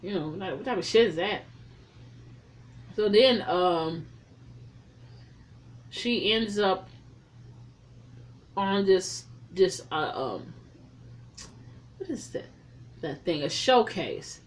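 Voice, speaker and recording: A woman reviewing a film in a casual, profane recap, telling the story in an animated way with heavy slang. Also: mid-range voice, slow pace, pauses often, slight background noise.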